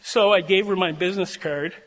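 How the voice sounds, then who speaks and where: A man's voice: sits high, fairly quick, fairly bright tone. An older man giving a heartfelt, emotional address to seminary graduates, telling personal stories in an earnest way. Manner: heartfelt, emotional, prone to tearing up. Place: large chapel. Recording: long chapel reverb.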